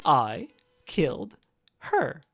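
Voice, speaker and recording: A performer voicing a cold, sadistic male killer who speaks in a slow, polished, mocking way. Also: mid-range voice, huge pitch swings, faint music behind, exaggerated voice. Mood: gloating.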